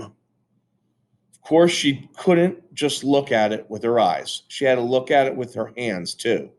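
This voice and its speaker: Brief: man narrating a kids' chapter book, lively up-and-down delivery. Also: medium pitch, takes it slowly. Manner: animated and expressive. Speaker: reader. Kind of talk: reading a children's chapter book aloud.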